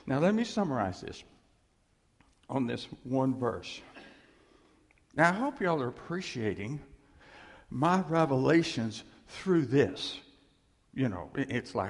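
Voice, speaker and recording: A man's voice: medium pitch, sing-song, a little slow, pauses often. A man preaching a conversational, emphatic sermon, acting out quoted voices. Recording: reverberant hall.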